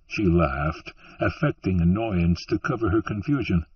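Slow, husky male audiobook narrator. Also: low voice, lively intonation, distant mic. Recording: muffled, dry, from off-mic.

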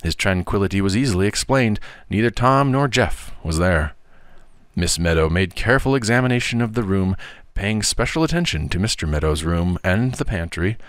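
Expressive man reading a storybook. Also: on the low side, no echo, clean studio sound. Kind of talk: audiobook narration.

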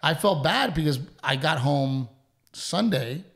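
A man, co-hosting a casual podcast with his wife and telling animated stories, acting out quotes and swearing freely. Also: on the high side, takes it slowly. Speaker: podcast co-host.

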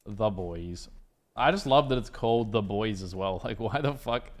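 A man's voice: fairly low pitch, normal speed. An Australian man streaming a game, chatting casually and swearing freely while he plays. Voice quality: profane, laid-back banter. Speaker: gaming streamer. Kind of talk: casual gameplay commentary.

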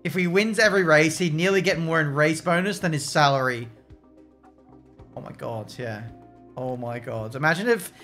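Here a man with a mid-range, fairly bright voice gives casual commentary on a racing management game he's streaming. He jokes, curses, and addresses his chat.

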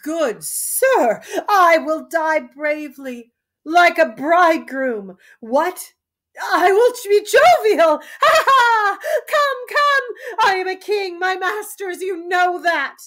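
A woman reading aloud as a mad old king, crying out, laughing and shouting in high, shrill bursts. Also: lively intonation, slow, exaggerated voice. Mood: frantic. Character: mad old king, raving, weeping and wild.

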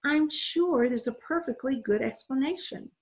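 A woman reading aloud and voicing a small, skinny, slightly deaf older wife who sighs and calmly takes charge. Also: sits high, normal speed, pitched above the performer's own voice. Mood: soothing. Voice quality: sighing, soothing. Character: small skinny old wife, bossy, calm.

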